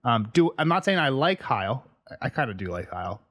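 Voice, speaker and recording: A man's voice: mid-range voice, sing-song, brisk, fairly bright tone. Man, podcast co-host, rambling devil's-advocate talker, mid-range voice. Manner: rambling, self-correcting, playing devil's advocate. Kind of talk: casual podcast discussion.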